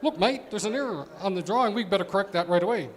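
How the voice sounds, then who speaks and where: A man's voice: high-pitched, lively intonation, pitched above the performer's own voice. A man voicing a blunt, matey male mining engineer in a joke. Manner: direct, brisk.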